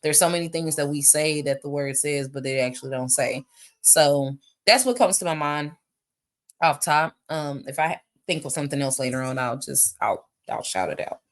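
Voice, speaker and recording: A woman's voice: sits low, moderate pace. A woman, chatting animatedly with viewers as she answers their questions in a live stream. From United States. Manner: animated, chatty, reads questions aloud, addresses viewers as y'all. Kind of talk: casual live Q&A chat. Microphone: phone or webcam for a live stream.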